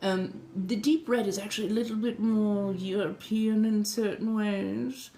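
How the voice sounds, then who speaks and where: A woman's voice: mid-range voice, fairly even intonation, dark tone, a little hiss or hum, pitched above the performer's own voice, natural voice. A woman voicing a centuries-old refined female vampire in a colonial American accent, chatting with viewers on a livestream and calling them darling. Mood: confiding. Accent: 1700s colonial American. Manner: genteel, unhurried, fond of endearments. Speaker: streamer. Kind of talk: in-character livestream chat.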